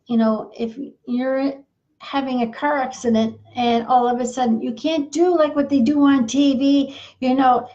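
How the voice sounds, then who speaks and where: A woman's voice: high voice, darkish tone, muffled recording. A woman coaching couples in an earnest, repetitive, folksy monologue while losing her voice. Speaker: marriage coach. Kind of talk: advice monologue.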